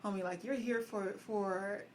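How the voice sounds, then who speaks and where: A woman's voice: mid-range voice, fairly even intonation, measured pace. A woman co-hosting a podcast, talking candidly and without fuss. Her voice sits in a middle register. There is a faint hiss of background noise. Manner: candid, conversational, frank. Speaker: podcast co-host. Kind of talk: casual chat.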